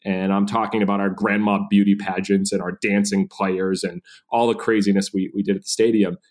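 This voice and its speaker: A man in his thirties, a podcast guest, telling stories in a casual animated way and acting out quoted dialogue. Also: on the low side, brisk. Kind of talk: casual interview storytelling.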